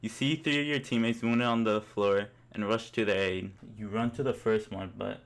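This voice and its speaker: A man's voice: on the low side, steady tone, moderate pace, gravelly. A young man narrating a comic story in the second person, in an amused, mock-epic way.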